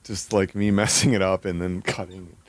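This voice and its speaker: A man chatting casually on a live stream. He swears often, thinks aloud, mocks himself and jumps into high outbursts. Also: normal speed, no room sound. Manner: excitable, swears a lot, sudden high-pitched outbursts; self-mocking, thinking aloud.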